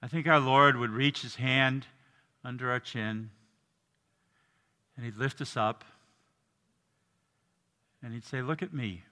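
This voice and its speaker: An older man preaching a sermon as pastor, earnest, dropping soft and low and then rising to emphatic lines. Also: fairly even intonation, takes it slowly, long pauses, clean tone, in a large hall. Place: church.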